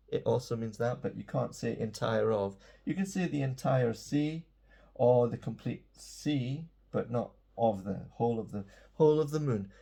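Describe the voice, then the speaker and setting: A man's voice: medium pitch, creaky, warm tone, slightly rough. A man giving a casual, playful English lesson, chatty and self-mocking. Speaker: English teacher.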